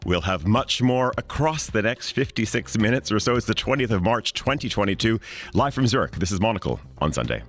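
A man hosts a live radio show in a low voice that rises and falls a lot. He talks fast and keeps the chat playful, laughing along with his guests. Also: sing-song, a bit bright, faint music behind. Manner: brisk, playful, laughs easily. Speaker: radio host.

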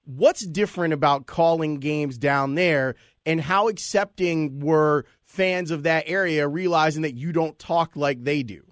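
A male host poses questions in a relaxed, inquisitive way. His voice sits a bit higher than most men's and sounds dry and close. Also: unhurried, hardly any pauses, dry recording. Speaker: podcast host. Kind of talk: interview questions.

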